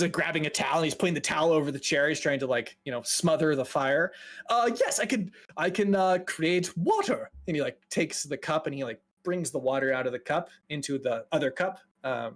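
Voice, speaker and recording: A man's voice: mid-range voice, steady tone, fairly quick, a bit bright. A man running a tabletop game as dungeon master, narrating casually with many fillers.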